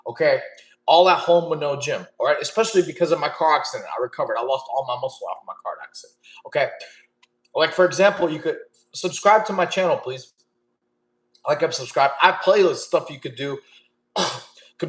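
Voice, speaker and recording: A man chatting casually with his livestream audience and answering questions, laid-back and quick to laugh. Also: a little high, reverberant, rough recording. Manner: laid-back, chatty, laughs often, addresses chat as y'all. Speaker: streamer answering chat questions.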